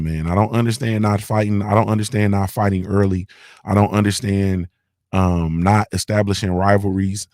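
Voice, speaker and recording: Slangy low-voiced man ranting on stream. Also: no echo, clean studio sound. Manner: loose, repetitive, slangy rant with "you feel me". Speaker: morning show host. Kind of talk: casual streaming commentary.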